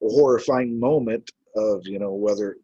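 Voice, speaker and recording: A man's voice: on the low side, normal speed, warm tone, slightly rough, dry recording, dull audio. A man who investigates the paranormal, telling his stories in a casual, rambling way with many filler words. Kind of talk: casual storytelling.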